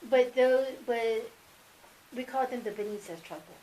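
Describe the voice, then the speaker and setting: A mother speaking as an interview guest, telling family stories in a casual, animated way and acting out remembered dialogue. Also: a little high, unhurried, a little hiss or hum, low-quality recording. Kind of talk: casual sit-down interview storytelling.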